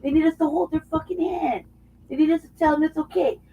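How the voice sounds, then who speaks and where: A woman's voice: high voice, steady tone, fast. A woman talking heatedly and profanely in a casual political chat, often mocking others in put-on voices. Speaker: co-host. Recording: dull lo-fi audio.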